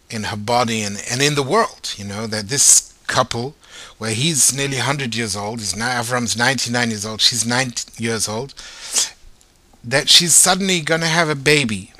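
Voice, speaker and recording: Guy teaching torah, really bright tense voice, keeps asking rhetorical questions. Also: mid-range voice, dry recording. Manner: animated, asks rhetorical questions.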